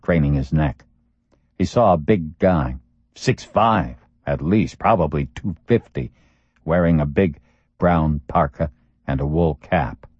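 Deep male voice reading a thriller audiobook, steady and measured, kinda dull lo-fi sound. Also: breathy edge, no echo. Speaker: audiobook narrator. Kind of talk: scripted thriller narration. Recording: dull lo-fi dry recording.

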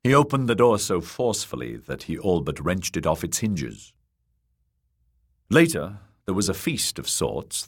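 Deep-voiced expressive male narrator. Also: breathy edge. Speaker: audiobook narrator. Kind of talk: scripted fantasy narration.

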